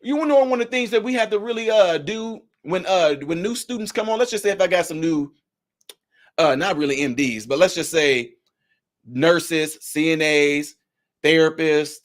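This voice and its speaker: A man giving a heated, preachy political commentary vlog, rising at times to shouts. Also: on the high side, expressive, moderate pace. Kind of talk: ranting video commentary.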